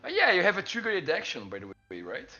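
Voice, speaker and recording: A man narrates as dungeon master in a casual tabletop game, laughing often and stumbling over his words with fillers and restarts. His voice sits high with huge pitch swings and a sharp tone, moving fast, on a lo-fi recording with faint music behind.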